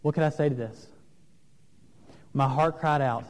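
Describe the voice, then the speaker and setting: A man preaching an earnest sermon, asking questions of his listeners, with some pauses and fillers. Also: a little high. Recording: long reverb of a large room.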